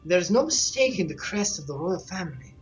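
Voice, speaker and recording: A woman's voice: on the low side, sing-song, a little fast, lo-fi sound, faint music behind. A woman voicing a dignified mature woman chieftain in a mock Scottish accent, reading game dialogue formally. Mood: stately.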